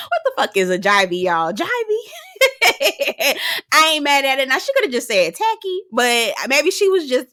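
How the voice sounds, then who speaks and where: A woman's voice: a little high, bright, forceful tone, no echo, studio quality. A woman recapping a reality show for her viewers in a sassy, laughing, slang-filled style. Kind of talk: casual commentary to viewers.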